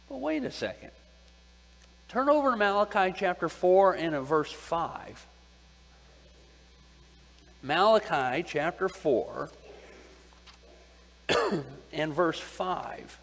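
A man teaching a Bible sermon, pausing often to ask his listeners questions and repeating his key points. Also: sits high, lively intonation, vocal fry, a bit bright. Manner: deliberate, asks the audience questions and repeats key phrases. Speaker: preacher. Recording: long hall reverb.

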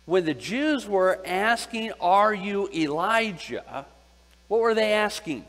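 Slow, high-voiced man preaching in a hall. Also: animated, a bit bright. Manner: deliberate, asks the audience questions and repeats key phrases. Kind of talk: Bible teaching sermon. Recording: long hall reverb.

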